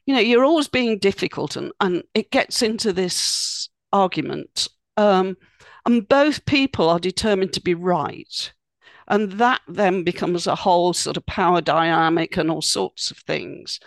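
A woman talks through practical advice as a podcast guest. She explains things casually, filling pauses with "um" and "you know". Her voice is recorded close on a dry, roomless mic. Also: lowish voice, gravelly, no echo. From United Kingdom. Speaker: guest expert.

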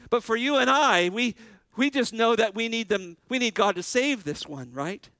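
A man's voice: very high-pitched, lively intonation, normal speed, bright, forceful tone, no echo, low-quality recording. A male pastor preaching a sermon, earnestly putting questions to his congregation.

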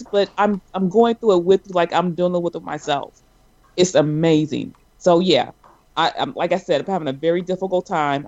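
Animated man in casual chat, dull lo-fi sound. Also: dry recording. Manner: animated, acts out sobbing at a high pitch. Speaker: podcast co-host.

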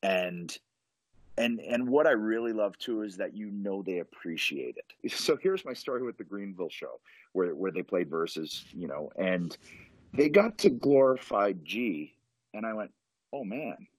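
A man's voice: fairly low pitch, animated, measured pace, no echo. A man, a professional wrestler, is a podcast guest. He tells a story with eager, rambling enthusiasm, full of restarts. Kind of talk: animated storytelling in casual chat.

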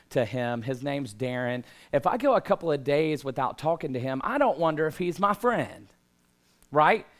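A man in his thirties preaching a casual, conversational sermon to a congregation, slightly out of breath and building to emphatic calls. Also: medium pitch. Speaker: pastor. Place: church hall with congregation.

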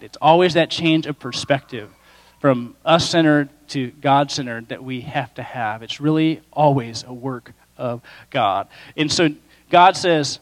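A pastor delivering a sermon in a lively, conversational way with playful voiced asides. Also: male voice, medium pitch, measured pace. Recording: reverberant hall.

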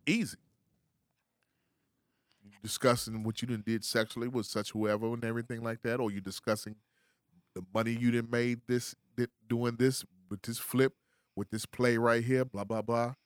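A man's voice: medium pitch, flat delivery, moderate pace, clear, resonant tone, no echo, clean studio sound. A man co-hosting casual banter, playfully arguing and lecturing his point. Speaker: co-host.

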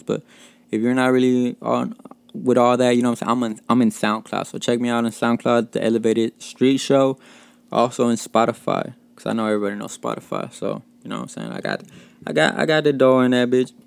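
A man's voice: mid-range voice, fairly even intonation, a little fast, gravelly, smooth, no echo. A man from Mexico hosting a casual podcast, telling stories in a loose, profane way, full of fillers and chuckles. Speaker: podcast host.

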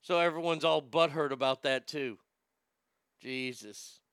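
A man's voice: a little high, unhurried, fairly bright tone, smooth, no room sound, studio quality. A man ranting casually about movies, profane and rambling, reading out viewer comments as he goes.

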